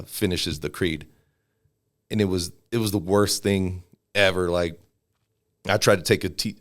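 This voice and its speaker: A man of about forty, a fighter and former soldier, telling stories casually as a podcast guest and acting out the people he quotes. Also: low-pitched. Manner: relaxed, acts out quoted people in raised voices. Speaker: guest, MMA fighter and army veteran. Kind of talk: casual storytelling.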